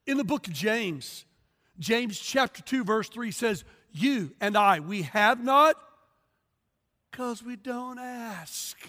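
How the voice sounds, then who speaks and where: A middle-aged male pastor preaching a lively sermon, telling stories with animation, acting out voices and bursting into shouts. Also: very high-pitched, takes it slowly. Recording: long hall reverb.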